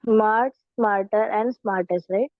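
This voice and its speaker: A woman's voice: mid-range voice, takes it slowly, highs cut off. A woman student in a classroom giving answers hesitantly.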